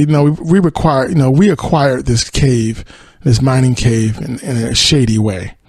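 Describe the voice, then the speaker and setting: A man's voice: mid-range voice, a little mellow, breathy edge, no room sound. A male podcast host casually retelling a TV episode, rambling with many fillers and acted-out quotes.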